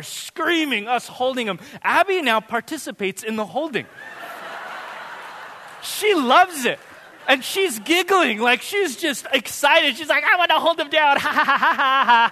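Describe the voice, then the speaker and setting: Animated, bright-voiced preaching man. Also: sits high, in a large hall. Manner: animated, humorous storytelling. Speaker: pastor. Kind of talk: sermon. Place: church sanctuary.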